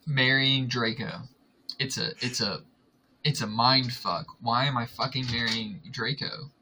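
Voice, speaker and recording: A man's voice: medium pitch, unhurried, pushed and bright, a little hiss or hum, poor audio. A man joking crudely as a podcast guest, rambling with fillers and laughs. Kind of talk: casual podcast chat.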